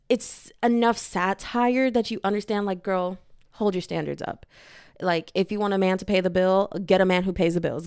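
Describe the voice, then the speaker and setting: A woman's voice: medium pitch, darkish tone, clear, resonant tone, no echo, clean studio sound. A young woman hosting a podcast, talking casually in a slangy, chatty way and acting out the people she quotes. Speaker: podcast host. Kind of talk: casual commentary monologue.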